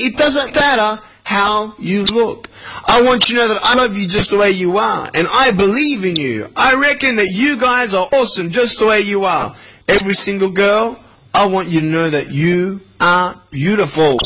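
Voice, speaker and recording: An Australian motivational speaker talks to schoolchildren in a school hall, animated and playful, firing questions at the kids. His voice is high-pitched with a breathy edge and moves at normal speed. It's a noisy live recording of the hall.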